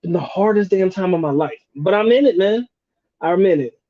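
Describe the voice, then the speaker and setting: A man from North Carolina, USA hosts a live Q&A stream, casual, slangy and profane, laughing often. His high voice is expressive at a moderate pace, in a dry recording with the highs cut off.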